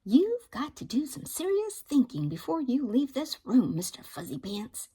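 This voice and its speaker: A woman's voice: sits high, wildly swooping pitch, normal speed, warm tone, breathy edge, voice pushed up, full character voice. A woman voicing a stern mother cat scolding her son in a lecturing tone.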